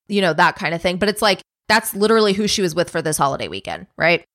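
A woman's voice: lowish voice, lively intonation, brisk, few pauses, fairly bright tone, dry recording, studio quality. A young woman co-hosting a podcast, telling a true crime case in casual chat, swearing often and acting out what people said. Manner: casual, swears a lot, acts out quotes.

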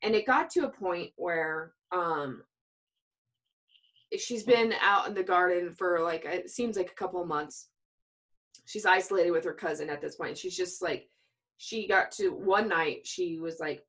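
Woman, lowish voice, casual podcast chat, animated storyteller voicing quoted dialogue. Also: unhurried. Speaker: podcast co-host discussing a book.

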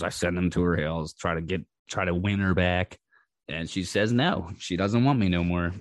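A man's voice: low voice, no room sound, clean studio sound. A man hosting a podcast, telling a personal story in a blunt, profane way, laughing often and acting out what was said. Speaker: podcast host.

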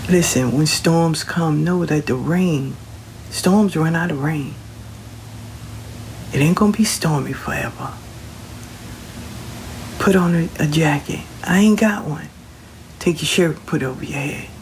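A man's voice: on the high side, measured pace, long pauses, slight background noise. A man talking casually and reassuringly, giving folksy spiritual advice, sometimes dropping to a whisper. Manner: Southern Black vernacular, folksy, reassuring, drops into whispers. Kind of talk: casual inspirational talk.

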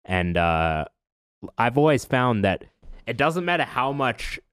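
A man's voice: mid-range voice, sing-song, slow pace, fairly bright tone, clean tone, no room sound, studio quality. A man co-hosting a podcast, musing thoughtfully in casual chat. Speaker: podcast co-host.

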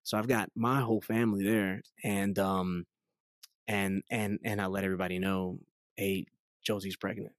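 A man's voice: low-pitched, normal speed, no echo, studio quality. A man in his thirties telling his life story as a guest in a casual interview, chatty, with lots of fillers and acted-out quotes. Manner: chatty, many fillers, lively quoted dialogue. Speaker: guest giving testimony.

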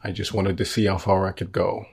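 A man's voice: deep voice, level tone, a little fast, vocal fry, husky. A man chatting casually about a film scene with a co-host, easygoing and agreeable, laughing often. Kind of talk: casual film breakdown chat.

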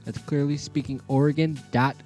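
A man's voice: fairly high pitch, steady tone, moderate pace, darkish tone, faint music behind. A man co-hosting a casual sports podcast, joking and bantering playfully. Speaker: podcast co-host.

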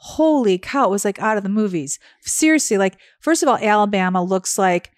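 A woman co-hosting a podcast, chatting excitedly with many fillers about a trip. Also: medium pitch, fairly quick, dry recording, clean studio sound. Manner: chatty, gushing, lots of fillers. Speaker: podcast co-host. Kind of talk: casual travel chat.

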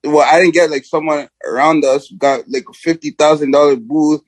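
Young male rapper guest, slightly higher voice, loose rambling chat, dry mic. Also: steady tone, moderate pace, no room sound. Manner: rambling, lots of "like" and "you know", laughs easily. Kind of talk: casual interview chat.

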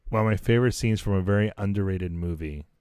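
Laid-back male podcast host, lowish voice, dry close mic sound. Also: quick pace, smooth, no room sound. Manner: laid-back, laughs often, relaxed. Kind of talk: casual podcast chat.

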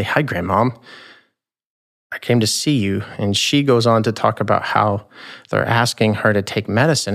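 A man in his thirties, a podcast host, telling a personal story in a measured, reflective, tender way. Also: on the low side, vocal fry. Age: 30s.

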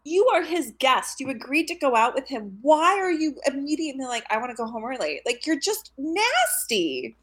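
A woman's voice: sits high, very animated, normal speed, few pauses, fairly bright tone. A woman co-hosting a casual film podcast, blunt and sarcastic, swearing freely. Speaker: podcast co-host. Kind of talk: casual movie discussion.

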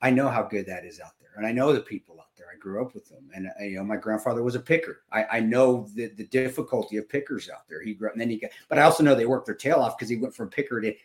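A man in his fifties co-hosting a podcast, talking emotionally and haltingly with many restarts. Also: mid-range voice. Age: 50s. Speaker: podcast co-host. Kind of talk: casual podcast chat.

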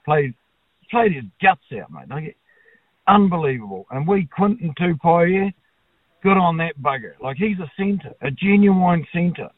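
A man's voice: a little high, animated, a little slow, dry recording. A man with a New Zealand accent calling in to a talkback radio show, blunt, blokey and opinionated, swearing casually. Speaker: caller. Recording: tinny phone line.

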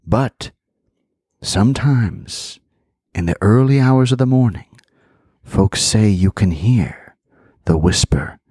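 Low-voiced man telling a folk tale. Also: slow, pauses often, breathy edge, dry recording, studio quality. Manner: animated storytelling with chatty asides. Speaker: podcast host and storyteller. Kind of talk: reading a folk tale aloud.

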